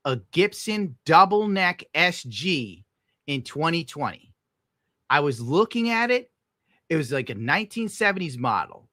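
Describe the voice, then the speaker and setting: A man's voice: fairly high pitch, sharp tone, no room sound, clean studio sound. A young adult man streaming, giving a bitter, crude, swear-heavy rant while reacting to clips. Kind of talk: casual ranting commentary.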